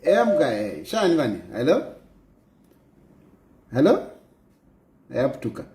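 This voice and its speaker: Male talk radio host, warm-toned, expressive, roomy studio. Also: a little high, unhurried. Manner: brief affirming murmurs, mocking asides. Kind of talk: call-in radio hosting.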